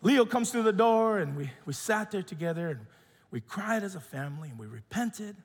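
A middle-aged man preaching a sermon, telling a personal story in an animated way, acting out quotes and going soft and quiet in tender moments. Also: high-pitched, normal speed, in a large hall. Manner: animated storytelling, acts out quotes, drops to soft tones when emotional. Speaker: pastor.

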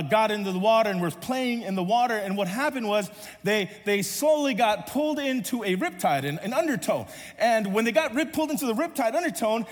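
High-voiced pastor in a reverberant hall. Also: male voice. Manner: animated storytelling, acting out voices, then softening to a hushed close. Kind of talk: sermon with a personal story.

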